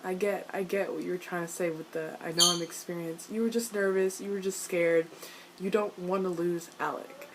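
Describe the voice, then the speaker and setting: A woman reacting to a TV episode in casual, excitable rants, swearing often and turning exasperated. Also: fairly low pitch, moderate pace, very noisy. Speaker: video reviewer.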